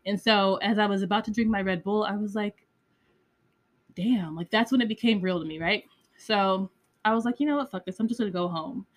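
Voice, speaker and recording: A woman's voice: medium pitch, a little fast. A woman hosting a podcast, telling a personal story in a candid, casual way, with frequent swearing and lots of "like" and "you know". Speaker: podcast host.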